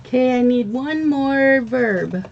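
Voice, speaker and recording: A woman hosts a relaxed live stream, speaking slowly and a little high. She chats with viewers and her pets on a dull, lo-fi recording. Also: vocal fry. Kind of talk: casual live-stream chat.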